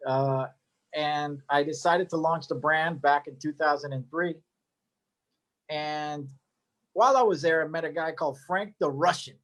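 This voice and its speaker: A man's voice: fairly high pitch, unhurried, fairly bright tone. A middle-aged man casually telling his story as a cigar maker, rambling with joking asides and lots of fillers.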